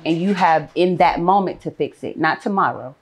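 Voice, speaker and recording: Low-voiced woman, calm storyteller. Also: moderate pace, slight background noise. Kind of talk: casual group chat.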